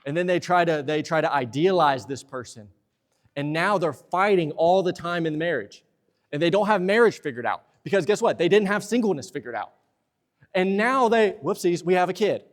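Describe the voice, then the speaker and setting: A young man preaching a sermon in a church, lively and talkative, slipping into playful asides. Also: on the high side, fairly quick. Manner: lively preaching, acts out husband and wife exchanges in asides. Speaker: pastor. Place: church sanctuary.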